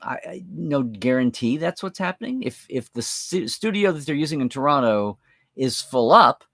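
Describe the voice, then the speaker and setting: A man's voice: mid-range voice, expressive, moderate pace, gravelly, fairly bright tone, no room sound, clean studio sound. A man hosting a live-stream chat, rambling and thinking aloud as he answers viewer comments. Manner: rambling, chatty, thinks aloud with many fillers. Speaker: host.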